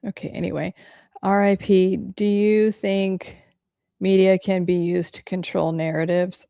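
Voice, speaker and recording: A woman's voice: mid-range voice, little pitch movement, a little slow, gravelly, dark tone, clean tone, no echo. A woman hosting a casual livestream, answering viewer comments candidly and swearing freely.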